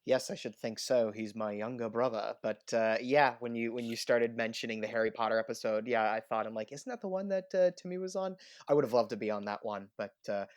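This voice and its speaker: Brief: low-voiced male co-host, relaxed measured chat, dry close mic. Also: no room sound. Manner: easygoing, measured, many "uh" fillers. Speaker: podcast co-host. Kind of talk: casual podcast chat.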